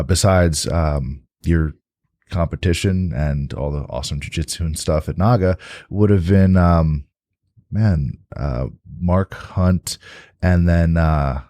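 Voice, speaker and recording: A man's voice: deep voice, mellow, no room sound. A man hosting a podcast in a casual studio chat, talking loosely and often stammering and repeating words. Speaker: podcast host.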